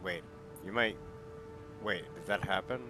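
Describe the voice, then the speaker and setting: A young man with a lowish voice, teasing his friend in casual chat and laughing often. Clear game music plays underneath. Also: a little slow. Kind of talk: casual chat while gaming.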